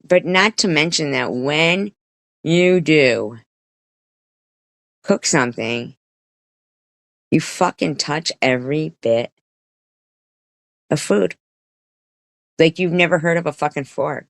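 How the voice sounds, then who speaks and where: A woman's voice: deep voice, animated, slow, gravelly, pauses often, fairly bright tone, dry recording. A woman streamer giving a rambling, profane commentary rant, with many restarts and quoted voices.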